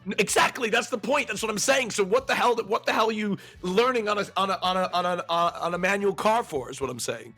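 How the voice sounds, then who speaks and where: An American man hosting a streamed interview, energetic and joking, often repeating himself mid-sentence. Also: sits high, fast talker, hardly any pauses, husky, faint music behind. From United States. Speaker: stream host.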